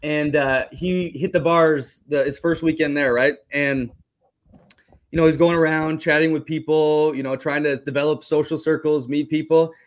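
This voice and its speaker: A man's voice: a little high, fairly even intonation, normal speed. Casual man hosting a podcast. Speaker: podcast host.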